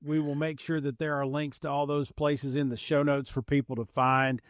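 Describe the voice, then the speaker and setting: A middle-aged man from Appalachian Kentucky with a light Kentucky twang, hosting a podcast in a relaxed, rambling, self-deprecating way. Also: a little high, moderate pace, no echo, studio quality. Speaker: podcast host. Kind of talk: casual podcast chat.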